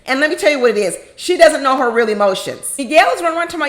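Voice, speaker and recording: A woman with a high-pitched voice delivers opinionated commentary on a reality show. She talks emphatically and preachily, hammering her points home and slipping into other people's voices to quote them. Her voice is close to the mic. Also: expressive, racing, few pauses. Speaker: reality TV recap host.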